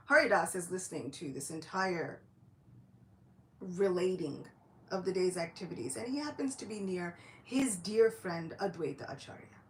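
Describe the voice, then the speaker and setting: A woman's voice: on the low side, a little slow, a little hiss or hum. A woman giving a devotional lecture, telling a story and acting out each character's lines in quoted voices. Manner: animated, acts out dialogue in quoted voices.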